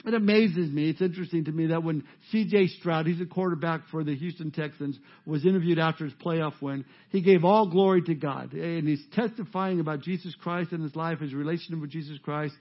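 Emphatic high-voiced preacher, muffled audio. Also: male voice, a little fast, hardly any pauses. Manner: emphatic, rising to loud peaks. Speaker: pastor. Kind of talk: sermon.

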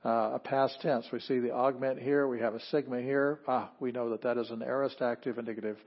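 A man's voice: medium pitch, steady tone, a little fast, dull audio. A man teaching an introductory Greek class, explaining step by step and often restarting his phrases. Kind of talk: classroom lecture.

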